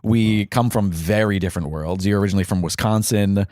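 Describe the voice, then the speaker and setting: A man from New York hosting a podcast, animated and fast-talking, chatting casually and laughing often. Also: on the low side, dry recording, studio quality. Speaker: podcast host.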